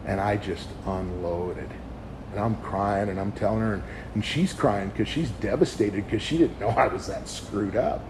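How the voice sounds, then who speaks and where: A man's voice: on the low side, moderate pace. A man in his forties giving a candid, rambling testimony sermon to young people, often stopping to restart his sentences. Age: 40s. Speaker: youth speaker. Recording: steady background noise.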